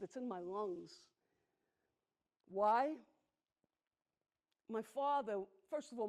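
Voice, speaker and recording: A woman, performing a personal storytelling monologue on a theatre stage, intimate and emphatic, slowing down on heavy moments. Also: medium pitch, a little mellow. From the Bronx, New York. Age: 60s. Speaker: solo performer.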